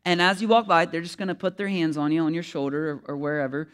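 A male pastor speaking casually to his congregation, rambling through instructions with plenty of ums and restarts. His voice sits a little higher than most men's. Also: steady tone, quick pace, fairly bright tone, smooth. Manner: rambling, conversational, with many fillers.

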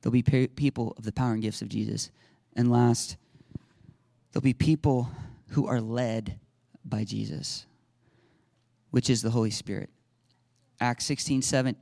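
A man preaching a lively sermon as a pastor, acting out little scenes and laughing now and then. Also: medium pitch, moderate pace, creaky, pauses often, no room sound, clean studio sound. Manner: animated, acts out little voices and laughs often.

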